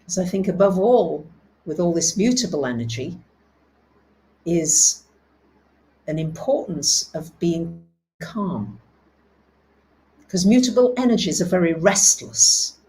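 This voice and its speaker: A woman hosting a live astrology talk, speaking, reading out viewers' comments and dropping soft and low for calm affirmations. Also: slow pace, long pauses, rough recording. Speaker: astrology host.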